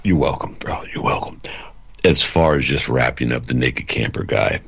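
A man's voice: rumbling low, moderate pace, vocal fry, fairly bright tone, breathy edge. A man, a regular on a call-in podcast, giving rambling upbeat closing thoughts over a dull lo-fi line. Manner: rambling, upbeat sign-off, plugs memberships. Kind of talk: casual call-in podcast chat.

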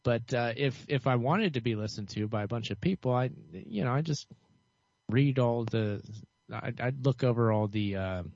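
A man talking alone to camera in a cynical, rambling way, with a dull monotone voice and lots of fillers and restarts. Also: medium pitch, normal speed, vocal fry, dry recording. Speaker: vlogger. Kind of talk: rambling solo commentary. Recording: dull lo-fi dry recording.

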